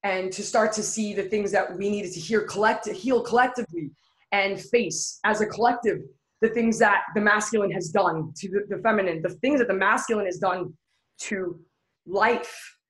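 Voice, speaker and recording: A woman speaks candidly as an interview guest, earnest and building her points through repeated phrases. Her voice sits at an ordinary middle pitch. The recording carries a noticeable room echo. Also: moderate pace. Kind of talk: candid personal storytelling. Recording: echoey room.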